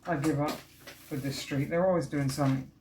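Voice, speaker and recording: Eager, chatty man with a higher voice. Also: steady tone, brisk, a little mellow. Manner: chatty and enthusiastic, often trails off and restarts. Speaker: vlog host unboxing vinyl records. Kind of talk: casual unboxing chat. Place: indoors at home, street works outside. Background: faint building work noise from outside.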